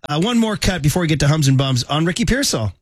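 Brief: male sports radio host, rambling and self-mocking, raised pitch, close dry mic. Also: animated, quick pace, dry recording. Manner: self-deprecating, rambling with restarts. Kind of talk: casual morning radio chat.

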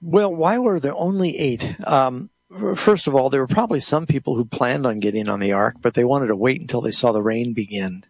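A man's voice: medium pitch, expressive, fairly quick, hardly any pauses, a little mellow, breathy edge, no echo. A man hosting a Bible call-in radio show, explaining scripture plainly to callers and reading passages aloud. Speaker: radio Bible program host.

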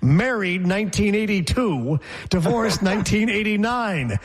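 A man co-hosting a casual talk show, telling jokey stories with a husky voice. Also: high voice, expressive, a little slow. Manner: joking, storytelling. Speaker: co-host. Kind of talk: casual banter.

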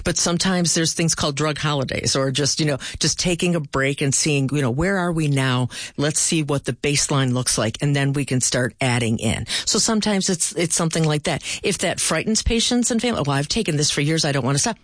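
A woman's voice: deep voice, a little fast, hardly any pauses, no echo, clean studio sound. A middle-aged woman who works in palliative care, speaking earnestly and telling stories with animation in a conversational interview. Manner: animated storyteller, earnest and direct.

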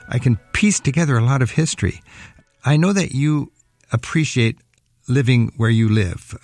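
Gravelly-voiced male radio host. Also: fairly low pitch, a little mellow. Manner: enthusiastic, chatty, with many fillers. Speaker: radio travel show host. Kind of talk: radio interview.

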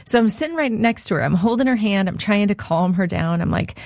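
A woman's voice: medium pitch, brisk, gravelly, few pauses, no echo, clean studio sound. A woman giving a short radio devotional, telling a family story in a conversational way.

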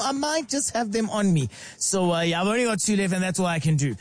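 A high-voiced South African man presents a radio show in a lively, chatty way. He keeps breaking into playful, sing-song bits. Music plays softly behind him in the studio. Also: fast, few pauses. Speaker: radio host.

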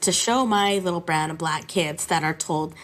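A woman's voice: lowish voice, normal speed. A woman music teacher talking casually and animatedly in an interview. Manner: animated, chatty.

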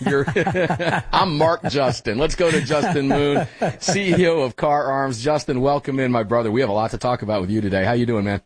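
A male radio talk show host, chatty and energetic, speaking into a studio microphone in a small studio. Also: mid-range voice, normal speed, few pauses. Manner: energetic, chatty, calls everyone brother. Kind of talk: casual talk radio hosting. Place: small hot studio full of equipment.

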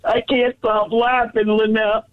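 A man calling in to a sports radio show, excited and laughing as he chats quickly about his team. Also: high-pitched. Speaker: caller. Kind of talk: casual call-in chat. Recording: tinny phone line.

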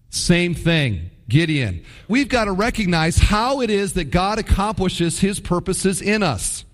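A man preaching a sermon, retelling Bible stories with animated voicing of the characters' complaints. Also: high voice. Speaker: pastor. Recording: long hall reverb.

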